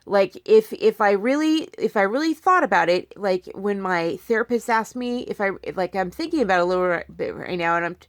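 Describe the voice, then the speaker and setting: A woman's voice: mid-range voice, animated, a little fast, few pauses, no echo. A young woman speaks to her phone camera while in pain, circling back and restarting her sentences as she talks. Her voice sits in a middle range and sounds dry and close, with no room around it. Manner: rambling, many restarts and asides. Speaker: vlogger. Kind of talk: casual talk to camera.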